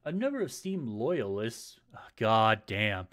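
A man's voice: on the low side, big pitch swings, measured pace, fairly bright tone. A man hosting a casual gaming news chat on a live stream, rambling and stumbling with many fillers and a lot of swearing. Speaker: podcast host. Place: home setup, live stream.

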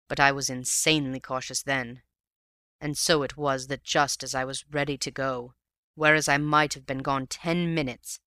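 A man narrating a story aloud in a measured storytelling manner. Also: medium pitch, bright, forceful tone, no echo, clean studio sound. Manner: measured storytelling, addressing a friend. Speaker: audiobook reader.

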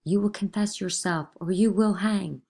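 A woman's voice: medium pitch, normal speed, gravelly, darkish tone. A woman reading a play aloud, voicing an imperious older male judge who interrogates with commanding demands. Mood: stern.

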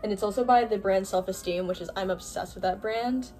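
A young woman filming an unboxing haul vlog, gushing and gasping with excitement over each item. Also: mid-range voice, brisk, soft background music. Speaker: vlogger.

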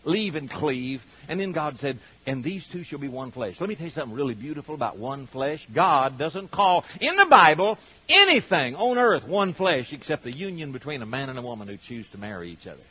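A somewhat high, lively male voice, brisk and a bit rough, belongs to an older man preaching to a congregation in a church auditorium. He tells homespun, funny stories in a folksy way and acts out the quotes. The sermon recording is dull and lo-fi.

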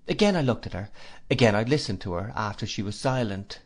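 A man giving a measured, expressive first-person audiobook narration. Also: fairly low pitch.

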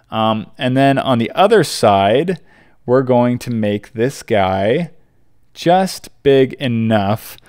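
A man's voice: mid-range voice, darkish tone, clear, resonant tone. A young man chatting casually while building in Minecraft, rambling and often stumbling over his words. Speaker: gaming YouTuber.

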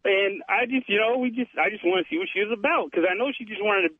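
A caller phones in to a radio show, telling a story in a boastful, chatty way and calling the host dude. His voice is high and husky with a quick pace, heard over a tinny telephone line.

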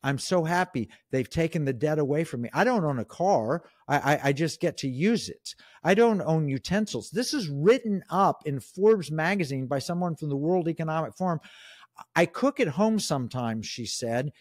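An emphatic middle-aged man gives opinions as an interview guest, his voice sitting a little high for a man. He restarts often and leans hard on key words. The sound is dry and close, with no room around it. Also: expressive, moderate pace, few pauses, darkish tone, no room sound. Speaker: guest, economic commentator. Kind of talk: interview conversation.

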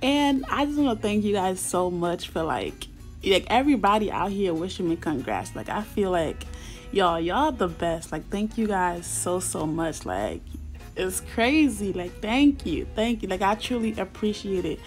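A young woman commenting on her mobile game in a chatty, slang-heavy way, breaking into excited squeals and shouts. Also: mid-range voice, measured pace, faint music behind. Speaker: gaming YouTuber. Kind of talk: casual gameplay commentary.

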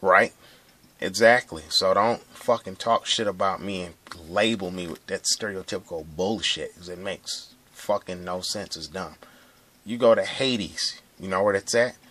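A young man talks straight to his viewers in a loose, rambling monologue. His voice sits very low, and he speaks bluntly and swears freely. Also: unhurried, pushed and bright. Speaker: vlogger. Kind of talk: rambling casual monologue to camera.

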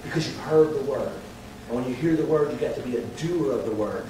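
Pastor, fervent preaching that drops to quiet prayer, big reverberant church, faint hum behind. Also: male voice, mid-range voice, brisk. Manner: impassioned preaching, swinging from loud to hushed. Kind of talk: sermon with altar call and prayer. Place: large church sanctuary. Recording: very echoey hall, mic distant.

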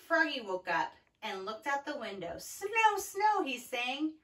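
A woman's voice: a little high, lively intonation, moderate pace, a bit bright, recorded from a distance, low-quality recording. A woman teacher reading a picture book aloud to young children, cheerful and encouraging. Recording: voice from away from the mic.

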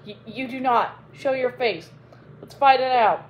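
A brash young army captain from a storybook, boastful and always ready for a fight, as a woman reader puts him on. He talks up high and loud, pushing his words out with swagger. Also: measured pace, slight background noise, lightly acted, low-quality recording. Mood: brash, challenging.

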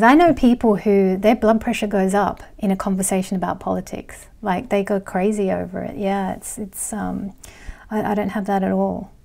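A woman's voice: medium pitch, warm tone. A middle-aged woman vlogger chatting casually as she reads viewer comments, rambling with fillers and laughs. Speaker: astrology vlogger.

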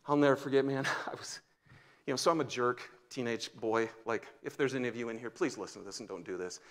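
A man in his fifties, a pastor, preaching a sermon and telling stories, swinging from loud exclamations to hushed near-whispers. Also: medium pitch, fast. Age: 50s. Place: church sanctuary.

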